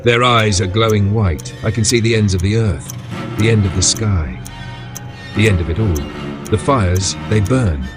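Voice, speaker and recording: A man plays a frantic young man caught in a box, begging through sobs. The voice sits low, with music beneath it in this horror storytelling. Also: unhurried, lightly acted. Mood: frightened. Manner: pleading, sobbing, frantic. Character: terrified young man trapped in a magic box. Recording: background music under voice.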